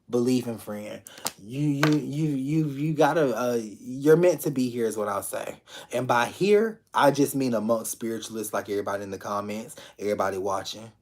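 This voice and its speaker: In a relaxed live tarot session, this reader talks straight to his online viewers with open warmth, repeats his phrases and swears casually. His pitch is medium, his pace moderate, and his voice a little mellow.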